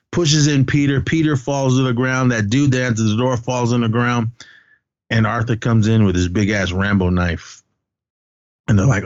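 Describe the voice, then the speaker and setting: A man hosting a podcast, casually recapping a film in animated storytelling and acting out the characters' lines. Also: lowish voice, moderate pace, no room sound, highs cut off. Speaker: podcast host.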